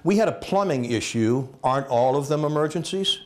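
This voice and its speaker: Animated male guest speaker, slightly high voice, jokey stories, acts out the characters. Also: fairly quick. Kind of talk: comic storytelling talk. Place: lecture hall at a college.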